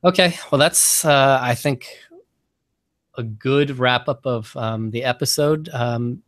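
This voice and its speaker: A man's voice: mid-range voice, slow pace, fairly bright tone, no room sound. A man hosting an interview podcast, chatting casually and rambling with many fillers. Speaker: podcast host.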